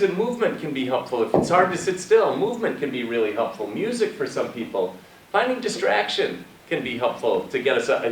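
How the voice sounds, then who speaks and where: A man giving a conversational presentation to high school students, asking them questions. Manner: conversational, asks the audience questions. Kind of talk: presentation talk. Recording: echoey room, far from mic, faint noise.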